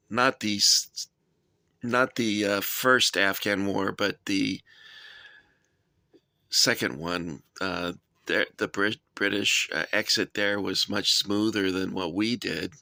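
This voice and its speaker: A man's voice: on the low side, vocal fry, bright, forceful tone, no room sound, studio quality. A middle-aged man hosting a casual vlog, rambling and self-deprecating as he shows off his toy soldier collection. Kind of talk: casual show-and-tell vlog.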